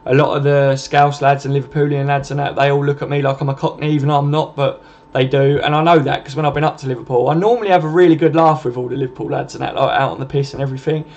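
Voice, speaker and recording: A man's voice: medium pitch, little pitch movement, fast, darkish tone. A man with a southern English accent hosting a casual live stream, rambling in a matey way as he answers viewers' comments. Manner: rambling and matey, keeps adding "and that" and "mate". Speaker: live-stream channel host.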